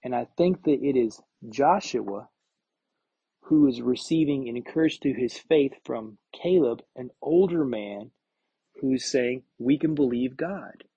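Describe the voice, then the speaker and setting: Husky-voiced man teaching the Bible. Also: mid-range voice, warm tone, no room sound. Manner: reads scripture aloud, then comments with halting repeats. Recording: dull, lo-fi recording.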